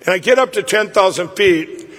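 A man with a husky, high voice tells a personal story at a live summit. He talks excitably and rambles, stumbling and restarting. The sound carries a long reverb from a large hall. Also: normal speed. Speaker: event speaker. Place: summit venue, stage.

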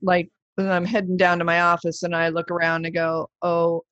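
A woman's voice: lowish voice, little pitch movement, a little fast, fairly bright tone, no room sound. Chatty woman host, dull dry recording. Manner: chatty, enthusiastic. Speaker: podcast host. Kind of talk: conversational interview.

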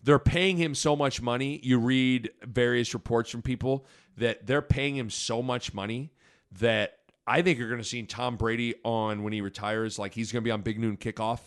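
A man's voice: medium pitch, steady tone, smooth. A man hosting a casual sports podcast over wine, rambling through his points, cutting himself off and restarting often. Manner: rambling, self-interrupting, quick to apologize and restart. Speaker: podcast host.

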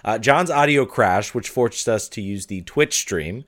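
A man co-hosting a sports podcast in casual chat, excitable and full of stumbling restarts, talking into his phone on a video call. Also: lowish voice, measured pace. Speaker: podcast co-host.

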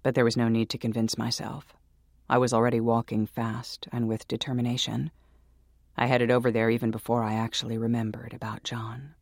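Gravelly man narrating horror hushed. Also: mid-range voice, flat delivery, fairly quick, dry recording. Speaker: narrator and host.

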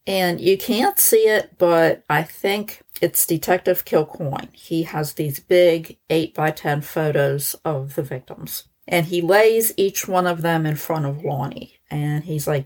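A woman hosting a podcast, recounting a true-crime case in a conversational, animated way. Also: low-pitched, slow pace, few pauses. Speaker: podcast host.

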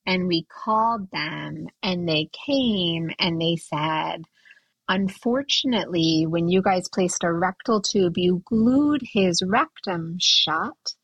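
A woman's voice: lowish voice, takes it slowly, a bit bright, slightly rough, no room sound, highs cut off. A woman on a podcast as a guest doctor, telling self-deprecating stories in a dry, wry way. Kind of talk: casual chat.

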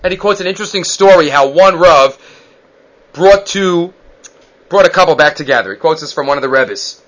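Rabbi giving a Torah class, an animated storyteller with a high, bright voice. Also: male voice, normal speed, low-quality recording. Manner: animated storyteller, acts out voices, mixes in Hebrew terms. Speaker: rabbi teaching the weekly Torah portion.

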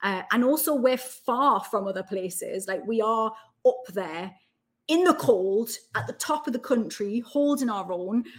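A woman in her thirties with a Geordie accent, chatting as a podcast guest in a lively, storytelling way full of fillers. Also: on the high side, a little slow. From Newcastle, England. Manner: chatty, animated storytelling with lots of "like". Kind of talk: casual chat.

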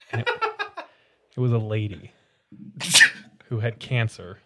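A man co-hosting a casual podcast chat, telling stories in an animated way and laughing often. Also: lowish voice, slow pace, very noisy. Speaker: podcast co-host.

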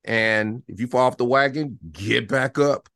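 A man, an actor and guest, telling animated stories in a casual interview, sometimes dropping to a near-whisper to make a point. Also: medium pitch, a little slow, no room sound, studio quality. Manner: animated, storytelling, drops to a hush to demonstrate.

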